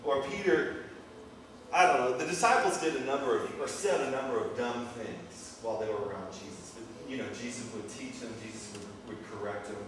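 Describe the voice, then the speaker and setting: A man's voice: mid-range voice, moderate pace. Man preaching in a very echoey hall. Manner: casual, chatty retelling with asides and okays. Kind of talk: informal sermon. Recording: very echoey, distant mic, faint noise.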